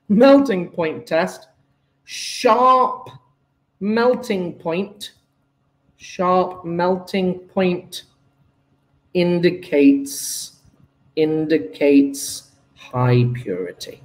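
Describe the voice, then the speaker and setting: Chemistry teacher guy going over an exam, high voice, chatty and jokey about his own slips. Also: lively intonation, slow, a little mellow, poor audio. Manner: chatty, self-deprecating, exclaims at his own mistakes. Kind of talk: casual exam paper review.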